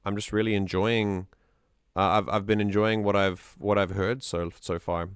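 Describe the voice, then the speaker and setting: A man's voice: fairly low pitch, level tone, moderate pace, smooth, no room sound, clean studio sound. A man streaming casual music-analysis commentary, enthusiastic and rambling, often restarting his sentences.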